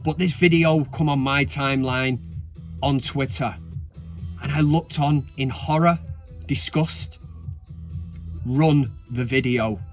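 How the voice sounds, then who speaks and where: A man's voice: mid-range voice, takes it slowly, pauses often, soft background music. A man in his thirties with a Manchester accent, ranting sarcastically and swearing as a football fan vlogger. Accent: Mancunian. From Manchester, England. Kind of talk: casual ranting commentary.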